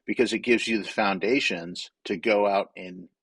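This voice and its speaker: Male guest from Wyoming, low husky voice, candid storyteller, dry close sound. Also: fairly even intonation, normal speed, a bit bright, no room sound. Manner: candid, storytelling, many filler restarts. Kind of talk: casual interview talk.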